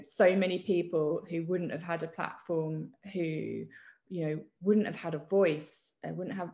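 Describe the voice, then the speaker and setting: A woman journalist answering interview questions in a thoughtful way, often pausing with ums and restarting her sentences. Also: fairly low pitch, reverberant. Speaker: journalist guest. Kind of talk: reflective conversational interview.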